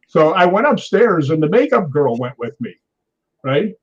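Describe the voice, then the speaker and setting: The audio is poor, but you can hear a fairly high, husky male voice. It belongs to a stuntman in his sixties, an interview guest who tells stories animatedly, performs the quotes, and laughs frequently.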